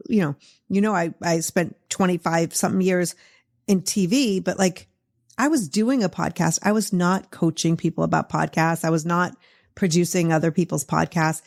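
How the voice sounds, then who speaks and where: A woman's voice: on the low side, darkish tone. A middle-aged woman with a Boston accent hosting a podcast, chatting in a casual, encouraging way with lots of fillers. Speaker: podcast host. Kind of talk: casual interview chat.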